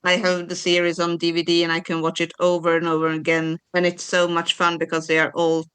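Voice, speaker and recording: A woman's voice: on the low side, monotone, fairly quick, a bit bright, clean tone. A woman co-hosting a podcast in casual chat, explaining her views at length with enthusiasm. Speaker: podcast co-host.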